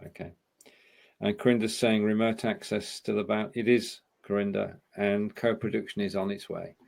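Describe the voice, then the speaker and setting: Genial low-voiced host. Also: male voice, level tone, vocal fry, a little mellow. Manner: genial, brisk show-running with quick agreements. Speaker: host of a live online chat show. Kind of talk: casual chat on a live video call.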